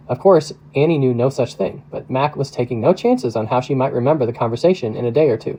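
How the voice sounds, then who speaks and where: Pastor as audiobook narrator: mellow, even, measured man. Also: medium pitch, rough recording. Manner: steady, measured reading. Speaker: pastor reading a novel aloud.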